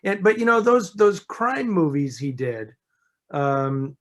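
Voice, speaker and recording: Man, film expert, casual chat, relaxed conversational manner, a bit high-pitched. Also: slow pace. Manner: relaxed and conversational, with frequent restarts and "you know". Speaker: film expert answering listener questions.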